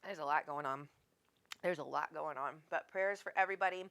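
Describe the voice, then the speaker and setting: A woman's voice: low voice, brisk, a bit bright. A woman, hosting a live stream as a psychic medium, chatting casually, reading viewer comments aloud, laughing often and swearing freely.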